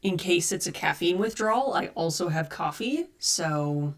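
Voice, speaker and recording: A cosplay streamer talks casually with viewers from home, reading chat messages, replying, and fixing her audio. Her voice sits on the low side, animated, at a moderate pace, picked up by a USB mic on her desk.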